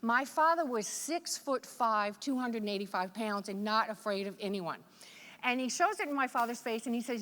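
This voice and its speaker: Woman from Virginia, motivational speaker, folksy joking stories, bright forceful voice, echoey conference hall. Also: on the high side, lively intonation, moderate pace. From Virginia, USA. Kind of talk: conference keynote speech.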